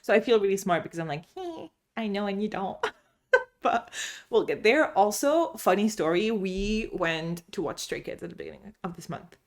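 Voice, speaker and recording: A woman's voice: medium pitch, moderate pace. Bubbly, chatty woman book vlogger. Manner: bubbly, chatty, laughs often; animated storyteller. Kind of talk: casual chat.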